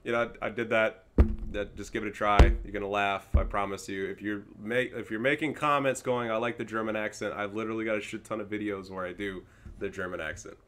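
A man's voice: on the low side, fairly even intonation, fairly quick, fairly bright tone, slight background noise. A young man casting his own strategy game online, talking in a casual, slangy and profane way and laughing often. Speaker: gaming YouTuber and caster. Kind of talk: casual gameplay commentary.

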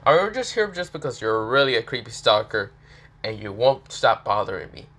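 A man's voice: mid-range voice, big pitch swings, fairly quick, fairly bright tone. A man voicing a cranky, foul-mouthed teenage male devil who talks bluntly and swears a lot. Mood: angry.

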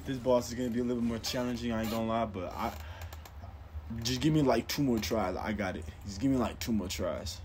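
A man's voice: mid-range voice, fairly quick, darkish tone, slight background noise. A young man giving casual, profane commentary while playing a hard game, getting more and more frustrated. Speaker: gameplay streamer.

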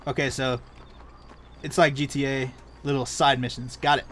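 A man's voice: medium pitch, little pitch movement, normal speed, a bit bright, a little hiss or hum. A young man giving joking let's-play commentary on a video game. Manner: casual, joking asides. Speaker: gamer.

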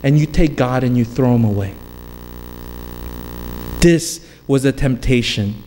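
A pastor with a medium-pitched, dark-toned voice delivers a sermon at a measured pace, hammering points through repetition and emphasis and dropping into casual storytelling asides. There's long hall reverb and faint background noise.

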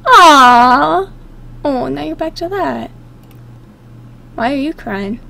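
A woman's voice: high voice, expressive, slow, gravelly, bright, forceful tone. A woman hosting a gaming video, chatting casually and giggling as she reacts and tries out silly character voices. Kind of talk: casual game commentary.

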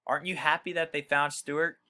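A man reading a children's book aloud, pausing to explain words to young listeners in a friendly way. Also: on the high side, level tone, bright, forceful tone. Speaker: reader for children.

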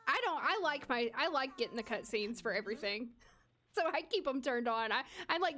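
A woman's voice: sits high, animated, fairly quick, a bit bright. A young woman live-streaming a game, chatting casually to her viewers and her characters and laughing often. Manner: chatty and giggly, talks to chat and to her characters. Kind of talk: casual live-stream chat over gameplay.

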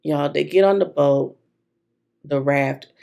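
Young woman planner vlogger, low and creaky, easygoing storyteller. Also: slow, dark tone. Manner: chatty storytelling addressed to viewers. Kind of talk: casual chat while decorating a planner.

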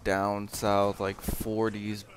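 Young guy doing gameplay commentary, flat monotone, rambly and hesitant. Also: fairly low pitch, very slow, a little hiss or hum. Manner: rambling, hesitant, many fillers.

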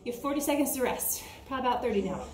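Speaking at a racing clip in a high voice, an American woman runs a home exercise session, counting reps while a bit breathless. Slight background noise mixes with music, and the camera's distance in the fan-cooled room makes her sound roomy and remote.

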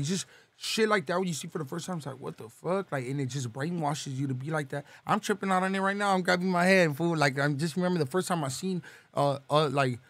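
A young man from Los Angeles, talking casually as a podcast guest, swearing and slangy, reeling off shout-outs. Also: high-pitched, no echo.

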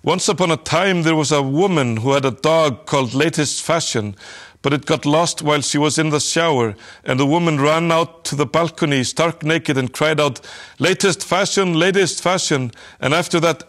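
A man voicing a smooth-talking, greedy male space trader in a storybook reading, with a sly, wheedling patter. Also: a little high, normal speed, fairly bright tone, natural voice. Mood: showy.

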